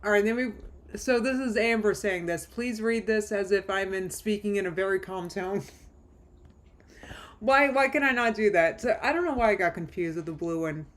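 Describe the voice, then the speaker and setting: A woman's voice: mid-range voice, normal speed. Snarky woman streamer reacting live. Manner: chatty and snarky, laughs often, mocking asides. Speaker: drama commentary streamer. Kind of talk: live reaction stream, reading texts aloud.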